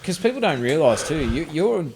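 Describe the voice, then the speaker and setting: A man hosting an interview podcast, prompting his guest with casual, halting questions. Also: fairly high pitch, big pitch swings, a little mellow, slight background noise. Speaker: podcast host.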